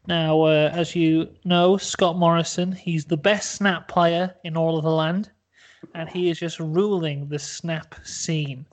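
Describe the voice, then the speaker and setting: A man's voice: a little high, fairly even intonation, slow. Playful young man spinning a silly tale. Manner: playful, mock-dramatic. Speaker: podcast host. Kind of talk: comedic storytelling.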